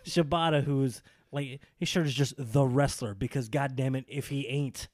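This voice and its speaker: Mellow-voiced man in excited podcast chat. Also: medium pitch, moderate pace, no echo, studio quality. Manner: enthusiastic, rambling, animated when excited. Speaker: podcast co-host. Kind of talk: casual wrestling chat.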